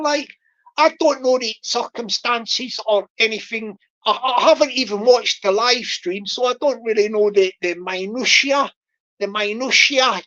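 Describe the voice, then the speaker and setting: A woman's voice: fairly high pitch, fairly bright tone. Rambling woman vlogger, lo-fi sound. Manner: rambling, many restarts and fillers. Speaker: channel host. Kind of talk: rambling casual vlog chat. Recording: dull lo-fi recording.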